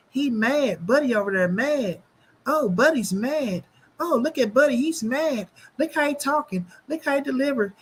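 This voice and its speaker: Man with a high voice, casual profane rant, mocking and taunting, animated, loud then muttered. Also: slight background noise. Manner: taunting, mocking, repetitive jeers; animated, shifting quickly between loud and muttered. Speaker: boxing commentary channel host.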